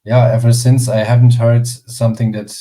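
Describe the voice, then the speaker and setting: A man with a German accent, a musician guest talking in a halting, casual way in an interview. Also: mid-range voice, level tone. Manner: halting, soft-spoken, laughs often.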